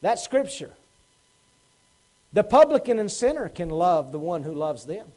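A man's voice: high-pitched, very animated, a little slow, dark tone, rough recording. A man preaching a Sunday sermon as pastor, asking the congregation pointed questions and acting out quotes. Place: church sanctuary.

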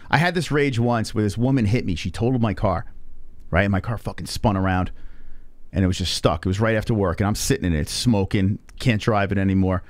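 A man's voice: lowish voice, no echo. A man hosting a live stream, telling a story in a casual, profane way and acting out the people he quotes. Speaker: stream host.

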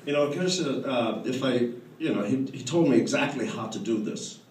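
A man's voice: medium pitch, normal speed, recorded from a distance, a little hiss or hum. A man posing as a guest lecturer, teasing audience members by name in roast-style comic talk at a company event. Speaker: impostor speaker at a company event. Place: large function room with laughing crowd. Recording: roomy hall recorded from afar, loud crowd.

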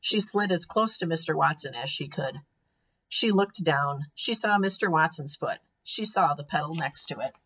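A woman teacher reading a storybook aloud to young children, with expressive, clear storytelling. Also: deep voice, normal speed.

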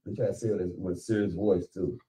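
A man's voice: sits low, fairly even intonation, fairly quick, dark tone, far from the mic, rough recording. A man leading a call-and-response Bible lesson, emphatic and questioning, often repeating his phrases. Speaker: teacher leading Bible study.

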